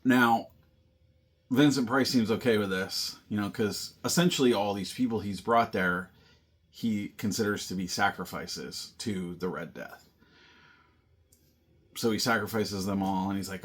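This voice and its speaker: A man's voice: sits low, fairly even intonation, a little slow. A man casually recapping and reviewing a film, rambling with lots of fillers and restarts. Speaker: movie review host.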